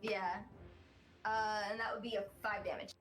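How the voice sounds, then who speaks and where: A woman's voice: mid-range voice, steady tone, normal speed, a bit bright, faint music behind. A woman playing a tabletop game, speaking tentatively as she works out the rules. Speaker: player.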